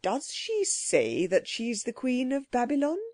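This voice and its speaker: A woman voicing a kindly, bewildered gentleman scholar who muses slowly and uneasily. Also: medium pitch, lively intonation, no room sound, clean studio sound. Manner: slow, uneasy, musing.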